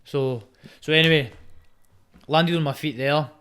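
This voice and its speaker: A man's voice: on the high side, unhurried, a bit bright, clear, resonant tone. Young scottish guy on a podcast, swears loads, mate mate mate, really driven. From Scotland. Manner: says mate constantly, swears heavily, emphatic. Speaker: guest, Muay Thai fighter. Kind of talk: casual podcast chat.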